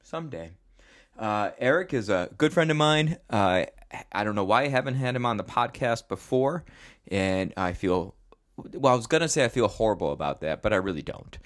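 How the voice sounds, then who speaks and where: A man's voice: lowish voice, animated, normal speed. A man hosting a podcast in casual chat, rambling and joking at his own expense with frequent restarts. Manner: rambling, self-mocking, with restarts. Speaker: podcast host.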